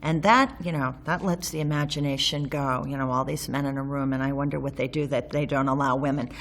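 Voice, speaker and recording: A woman's voice: rumbling low, fairly even intonation, brisk, a bit bright. A woman telling a personal story in an interview, candid and wry, with frequent ums and restarts as she recalls events. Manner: candid, wry, with some sarcasm. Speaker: interviewee recalling local history.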